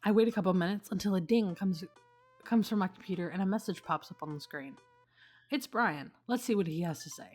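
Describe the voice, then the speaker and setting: A woman narrates a dating game she is playing, moving between reading and her own chatty, playful remarks. Her voice sits in a middle pitch and stays relaxed and conversational throughout. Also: a little fast, faint music behind. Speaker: let's play gamer. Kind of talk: casual gameplay commentary.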